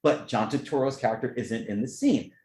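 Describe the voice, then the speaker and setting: A man hosting a podcast, telling movie stories in a rambling, excitable way. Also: fairly quick, echoey room, slight background noise. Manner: rambling, excitable storytelling with lively jumps in pitch. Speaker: podcast host. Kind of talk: casual chat.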